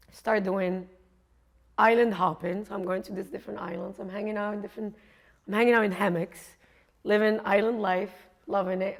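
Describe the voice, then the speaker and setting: A middle-aged woman from Africa, a coach and speaker, telling a lively travel story and acting out the voices of people she met. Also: medium pitch, vocal fry. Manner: animated storyteller, acts out quoted voices, laughs often. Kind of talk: storytelling talk.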